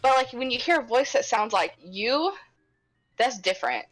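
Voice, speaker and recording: A woman co-hosting a casual chat, relaxed and agreeable with a teasing edge. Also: fairly high pitch, moderate pace, faint music behind, poor audio.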